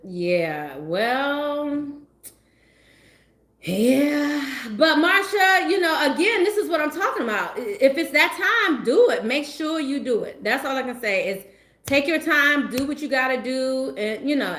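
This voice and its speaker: Animated laughing woman tarot reader. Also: high-pitched, a little slow, reverberant. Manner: animated, laughing, slangy and emphatic. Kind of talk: casual livestream chat.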